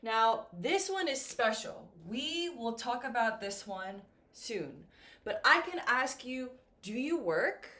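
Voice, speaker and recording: A woman teaching English to beginners at a deliberate, unhurried pace. Her voice sits a little high and swings widely in pitch as she acts out example questions. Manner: slow and lively, with acted-out example questions. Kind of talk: slow, clear beginner English lesson.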